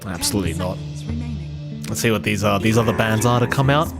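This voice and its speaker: A man's voice: on the low side, creaky, loud music behind the voice. A man casting an esports match, rambling and joking with his co-caster. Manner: rapid, jokey, rambling.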